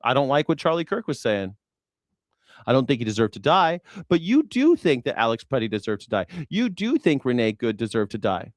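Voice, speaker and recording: A man hosting a livestream, delivering a heated commentary rant in profane, repetitive tirades that rise into shouting. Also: medium pitch, sing-song, brisk, no echo, clean studio sound. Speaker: livestream host.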